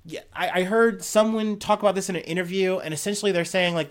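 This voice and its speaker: A man's voice: high voice, fairly quick, smooth. A man hosting a news podcast. He reads articles aloud and breaks off into blunt, profanity-laced commentary. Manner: profane, blunt, animated asides.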